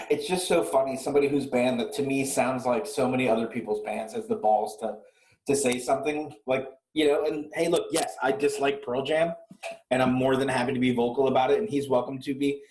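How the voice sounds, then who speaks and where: A man in casual chat, sarcastic and foul-mouthed as he rants about rock stars. His voice sits at a middle pitch and rings in a roomy, echoey space. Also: fairly even intonation, a little fast, darkish tone. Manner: profane, ranting and sarcastic. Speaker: podcast co-host.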